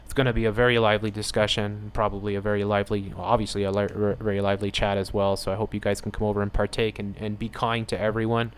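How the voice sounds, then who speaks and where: A man with a slightly low voice delivers a heated commentary on the news. He reads headlines aloud and answers them with sarcasm and open indignation. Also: flat delivery, quick pace, hardly any pauses, clear, resonant tone. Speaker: channel host.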